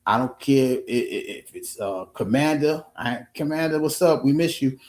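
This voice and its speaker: A man's voice: mid-range voice, expressive, normal speed, a little mellow, echoey room. A man talking earnestly on his own livestream, restarting his sentences often and swearing casually. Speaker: live streamer. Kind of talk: casual motivational livestream talk.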